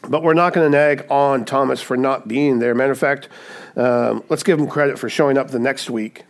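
A man preaching a sermon as a pastor, in a conversational way, often tagging "right?" and adding light humorous asides. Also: mid-range voice.

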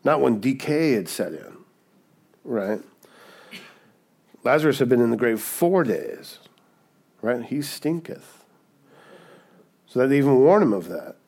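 A man's voice: mid-range voice, very animated, measured pace, pauses often, a little mellow. Man preaching with conversational "right?" asides. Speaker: pastor. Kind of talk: sermon.

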